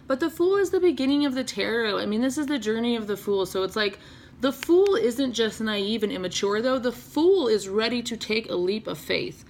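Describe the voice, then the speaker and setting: A woman's voice: on the high side, expressive, normal speed, a little hiss or hum. A woman doing a casual, chatty tarot reading, laughing often and swearing casually. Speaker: tarot reader.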